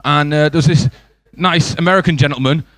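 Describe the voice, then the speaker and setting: A young English comedian works the room with quick asides and crowd banter, his voice pitched a little high. The sound is dry and close, with almost no room echo. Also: a bit bright. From England. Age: 20s. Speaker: stand-up comedian. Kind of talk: stand-up comedy set. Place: comedy club stage.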